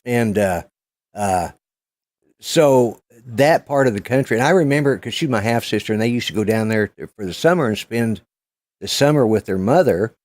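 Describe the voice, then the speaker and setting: A man in his sixties with an Oklahoma-flavored Southern American accent rambles through stories on a casual live stream, sprinkling in mild cussing. His voice sits at an ordinary middle pitch. The recording is dry, with almost no room sound. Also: expressive, moderate pace, a little mellow, no echo. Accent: Oklahoma-tinged Southern American. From Colorado, US. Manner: rambling storyteller who swears casually. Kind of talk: casual chat.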